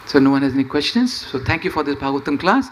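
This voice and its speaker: A man giving a scripture class, telling the story in an animated way and often saying "you know". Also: fairly high pitch, quick pace, slight background noise. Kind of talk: sermon storytelling.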